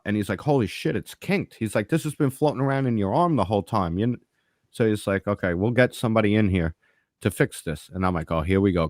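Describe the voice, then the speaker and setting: A man with a fairly low voice spins a story in casual podcast chat. He swears freely and acts out each exchange of dialogue with lively energy. The sound is dry and close, with no room around it. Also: no room sound. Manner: profane, animated, acts out dialogue. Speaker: podcast co-host.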